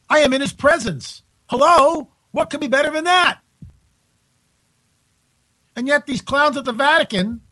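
A man hosting a live talk radio show from home, incredulous and animated, restarting his sentences often. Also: extremely high pitch, low-quality recording.

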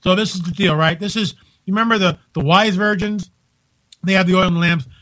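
A man hosting a live talk radio show from home, incredulous and animated, restarting his sentences often. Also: high voice, brisk, low-quality recording.

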